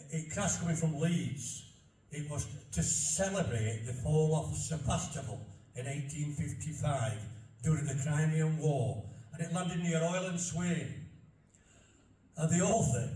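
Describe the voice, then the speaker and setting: A man's voice: fairly high pitch, mellow. An older man with a Barnsley Yorkshire accent giving a chatty talk to an audience, folksy and anecdotal, repeating himself as he goes. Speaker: local speaker on dialect. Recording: roomy hall from far off.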